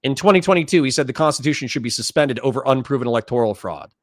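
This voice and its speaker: A man's voice: medium pitch, expressive, no room sound, clean studio sound. A man hosting a political stream, ranting angrily and swearing as he argues with callers. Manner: angry, profane, rapid ranting. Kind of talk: heated political debate.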